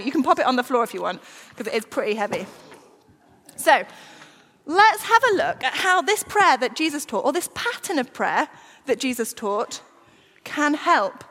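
A woman giving an all-age talk in church, lively and coaxing the children to join in. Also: sits high. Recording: church hall reverb.

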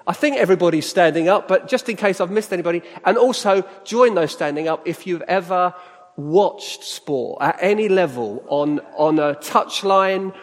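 A man's voice: sits high, normal speed. A middle-aged British man giving a conversational church talk to a live audience, often asking them questions. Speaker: church speaker. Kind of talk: sermon-style talk. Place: church hall. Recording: reverberant hall.

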